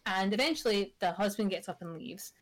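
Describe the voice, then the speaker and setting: A Scottish woman in her thirties spins a story in casual podcast chat. She keeps it animated and wry, and she swears freely. Her pitch sits in an ordinary middle range. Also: brisk. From Scotland. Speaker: podcast co-host.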